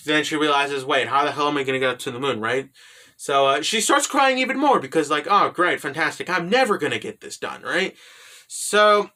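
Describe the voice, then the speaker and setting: A man's voice: a little high, sharp tone. A man giving a rambling, profane, casual recap of an anime, filled with "you know" and "right?".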